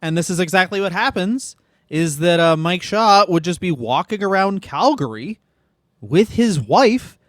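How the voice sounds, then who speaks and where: A man's voice: high-pitched, animated, dry recording, studio quality. A man co-hosting a comedy podcast, riffing in a jokey, casual way. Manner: riffing, jokey, with quick impressions. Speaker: podcast co-host.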